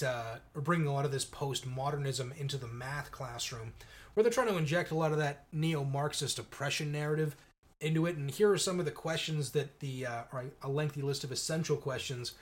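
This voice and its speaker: A man co-hosting a casual podcast, talking in a sarcastic, incredulous way and quick to mock ideas he finds absurd. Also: a little high. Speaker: podcast co-host.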